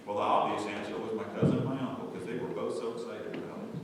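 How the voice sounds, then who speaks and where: A male pastor preaching a sermon in a church, shifting from quiet storytelling to loud, excited preaching. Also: mid-range voice, fast talker, hardly any pauses, very echoey, big-room sound, distant mic, slight background noise, poor audio. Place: church sanctuary.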